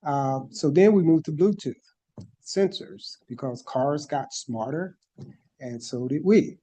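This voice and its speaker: Man presenting to a board, mellow voice. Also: a little high, slow. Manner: methodical, explaining slide by slide. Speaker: staff presenter at a planning board meeting. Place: board meeting room.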